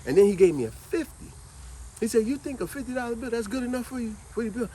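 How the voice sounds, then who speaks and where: A man telling a childhood story in a casual, animated way, acting out the people he quotes and often saying "man". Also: very high-pitched, fast, crowd noise. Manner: animated, acts out quoted voices, repeats "man".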